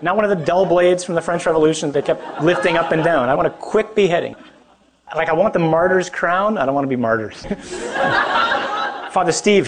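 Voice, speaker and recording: A man, a Catholic priest, giving a conversational talk to a young adult group, asking the audience questions and adding joking asides. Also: a little high.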